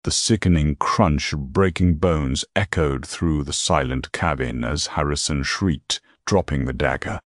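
A man narrating a fantasy story in a dramatic, measured style. His voice is extremely deep, and the recording is dry and close. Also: no echo. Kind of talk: scripted narration.

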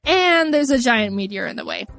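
A woman's voice: fairly high pitch, big pitch swings, moderate pace, gravelly, loud music behind the voice. A young woman recapping a video game in a joking, sarcastic way. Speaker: game reviewer. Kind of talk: comedic game recap commentary.

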